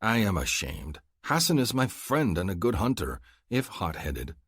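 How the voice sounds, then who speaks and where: A man's voice: lowish voice, sing-song, normal speed, fairly bright tone, husky, no room sound. A man narrating an audiobook in the first person, in an earnest, brooding way, close to a studio mic.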